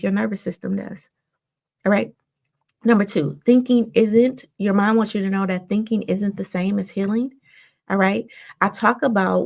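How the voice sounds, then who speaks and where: A woman with a gravelly, creaky voice at a middle pitch, talking listeners through a self-help lesson like a therapist. She keeps checking in with "right?" and "all right?" as she explains. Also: a little mellow. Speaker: therapist and podcast host. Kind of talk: motivational self-help talk.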